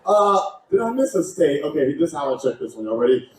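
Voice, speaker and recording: A man, working as a cruise director and hyping up a live crowd with call-and-response shouts, heard from a distance in a ship lounge. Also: on the high side, sing-song, a little fast, very echoey. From Texas. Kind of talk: live crowd hype emcee. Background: loud cheering crowd and noise.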